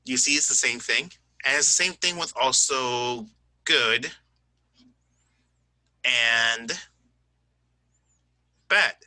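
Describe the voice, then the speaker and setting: A man teaching an English grammar lesson in a chatty, joking way. He keeps checking understanding with "right?" and "okay?" and slows down to spell out word endings. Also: medium pitch, bright, forceful tone, no echo. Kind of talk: recorded online grammar lesson.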